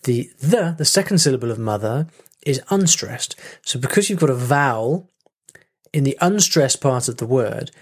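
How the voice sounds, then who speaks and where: A man speaking as a language coach in a casual teaching talk, lively, saying sounds aloud to demonstrate them and often restarting his phrases. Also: medium pitch, normal speed, breathy edge. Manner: restarts and repeats words often.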